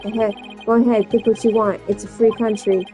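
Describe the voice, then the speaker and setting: A woman voices a smug male thug from a video game, taunting and gloating in a mellow, unhurried voice. Soft music plays faintly underneath. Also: mid-range voice, level tone, lightly acted, low-quality recording.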